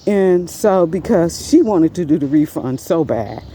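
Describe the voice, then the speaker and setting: A woman casually recounting a store incident as a vlog storytime, animated and rambling, her pitch leaping up whenever she quotes someone. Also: a little slow, a little hiss or hum. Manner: animated, jumps much higher in pitch when quoting herself and others; rambling, many fillers and restarts. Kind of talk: casual first-person storytime.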